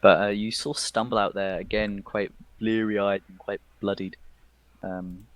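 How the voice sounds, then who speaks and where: A man narrating a tabletop game as game master, casual and halting, with many fillers. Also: on the low side, no echo.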